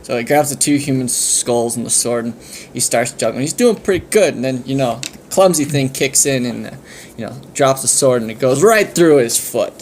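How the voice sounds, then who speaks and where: A man's voice: medium pitch, expressive, normal speed, a little mellow, slight background noise. A man telling an improvised comic story in a casual, rambling way. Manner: rambling, full of fillers and restarts.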